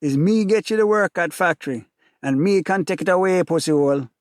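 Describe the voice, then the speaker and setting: Jamaican gang enforcer sneering threats, pitched up high, a man doing it. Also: fairly quick, no echo, studio quality, lightly acted. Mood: menacing. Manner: sneering, repeating taunts. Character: menacing ghetto gang enforcer, cruel, taunting.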